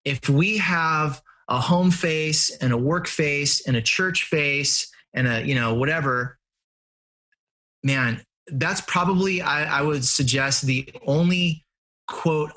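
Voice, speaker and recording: A middle-aged man, a guest in an interview, telling personal stories in an earnest, animated way and laughing at himself. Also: on the high side, a little slow. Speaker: interview guest, family and business coach. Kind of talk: conversational storytelling.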